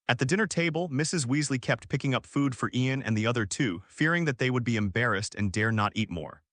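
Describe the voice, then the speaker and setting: A man narrating a fan-fiction story in a steady, even reading voice. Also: medium pitch, a little fast, hardly any pauses, dry recording, studio quality.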